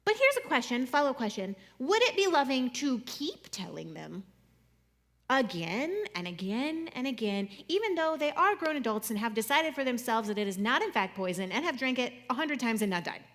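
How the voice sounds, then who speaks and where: A young adult woman speaking to an audience in a conversational, jokey way, swinging between loud and soft. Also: sits high, big pitch swings, normal speed. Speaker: speaker giving a talk.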